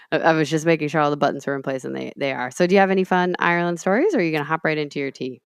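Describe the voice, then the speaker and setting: A woman's voice: sits low, quick pace, smooth, no room sound. A woman co-hosting a podcast in casual chat, with dry, teasing quips. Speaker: podcast co-host.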